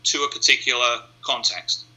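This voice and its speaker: Being interviewed, a male hypnotist casually explains his technique one step at a time and voices what his clients are thinking. His tone is bright and forceful, mid-range, at a moderate pace, and the recording quality is low.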